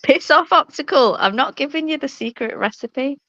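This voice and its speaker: A woman's voice: high voice, animated, moderate pace, a bit bright, dry recording. A woman chatting casually on a live stream, blunt and sweary, laughing often, over a video call mic. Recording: dull lo-fi stream audio.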